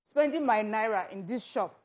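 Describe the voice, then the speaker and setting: A woman with a Nigerian accent speaking as a studio panel guest, animated and telling personal stories with quoted lines. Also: a little high, moderate pace. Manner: animated, tells personal anecdotes with quoted dialogue.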